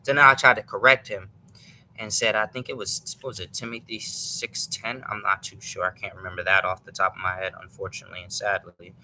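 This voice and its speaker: Bright-voiced man telling a rambling story. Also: deep voice, flat delivery, a little fast, slight background noise, low-quality recording. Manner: rambling, self-correcting, chuckling retelling. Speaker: show host. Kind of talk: casual storytelling.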